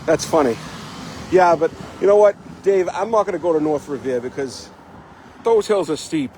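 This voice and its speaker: Heavy wind buffets the phone mic as a vlog host streams his casual bike-path ride, chatting, rambling, saying "you know" a lot and running slightly short of breath. His voice is on the high side, a little mellow, at a moderate pace.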